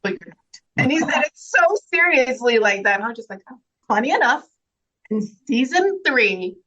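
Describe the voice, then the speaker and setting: A woman's voice: on the high side, expressive, normal speed, sharp tone. A woman being interviewed as a guest actress, speaking earnestly and reflectively and laughing often in casual chat. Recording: slightly dull, lo-fi sound.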